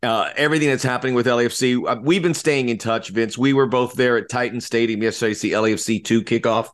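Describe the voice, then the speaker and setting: A man's voice: medium pitch, fairly even intonation, quick pace. Upbeat man co-hosting a sports podcast. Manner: upbeat, joking, frequent fillers. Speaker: podcast co-host. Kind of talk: casual sports podcast chat.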